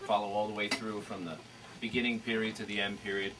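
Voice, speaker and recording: A man's voice: lowish voice, flat delivery, fast, recorded from a distance, very noisy. A man guesting on a live radio show in a studio, describing his stage show in a rambling way with restarts. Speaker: tribute band performer, guest. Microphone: studio microphone.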